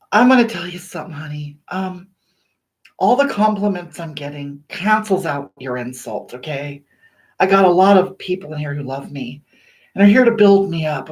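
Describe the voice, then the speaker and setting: A woman's voice: mid-range voice, close to an everyday voice. A woman playing a vain livestreamer who chats from her bathroom, reading viewer comments aloud, gushing over compliments and snapping back at critics. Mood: sassy. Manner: gushing and self-flattering, sassy toward critics. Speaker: livestream host. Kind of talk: live-stream chat reading viewer comments. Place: small bathroom.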